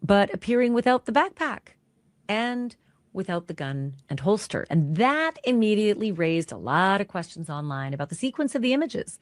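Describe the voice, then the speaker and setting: A woman's voice: mid-range voice, very animated, moderate pace, dry recording. A woman narrating a true-crime recap in a suspenseful storytelling way.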